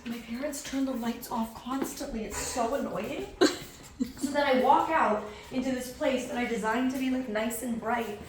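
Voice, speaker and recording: A woman's voice: on the high side, moderate pace. A young woman chatting casually at home as a vlogger, laughing often and acting out quotes. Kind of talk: casual chat. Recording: echoey room, faint noise.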